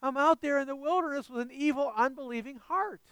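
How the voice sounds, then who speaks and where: A man voicing a self-assured wanderer who insists he is doing all right, in a high, strained, self-justifying tone. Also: fairly quick, fairly bright tone, no room sound. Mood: smug.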